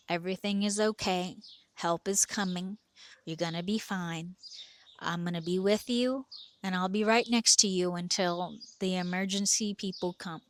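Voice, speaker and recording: A woman's voice: medium pitch, a bit bright, no echo. Middle-aged woman telling a true story, earnest, dry close sound. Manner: vivid present-tense telling, earnest. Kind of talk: personal story told to camera.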